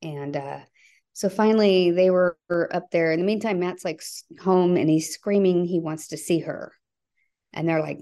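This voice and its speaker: A middle-aged woman, a guest on a podcast, recounting events in an earnest, halting way, with frequent restarts and asides. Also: low-pitched, fairly even intonation, gravelly, warm tone. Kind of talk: conversational interview storytelling.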